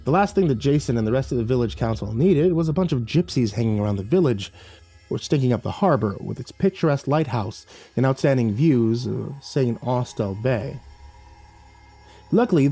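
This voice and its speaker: A man reading a horror story aloud as narrator in a measured storytelling manner. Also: medium pitch, mellow, husky.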